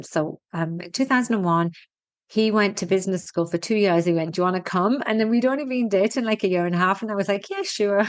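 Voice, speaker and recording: A middle-aged woman with a Teesside northern English accent, her voice sitting low. She talks in a blunt, chatty way, laughing at herself and dropping the odd mild swear word. The sound is dry and close, with no room in it. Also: dry recording. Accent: mixed northern English, Teesside. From Teesside, England. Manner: chatty, blunt and self-mocking, swears lightly. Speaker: guest, fitness and women's health expert. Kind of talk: casual interview chat.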